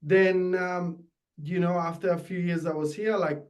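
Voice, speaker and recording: An Italian man speaking English as a second language, with a voice pitched a little high. He talks eagerly but haltingly, restarting his sentences often as an interview guest. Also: steady tone. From Italy. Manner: enthusiastic, halting with many restarts. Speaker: guest, tailor. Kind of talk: casual interview.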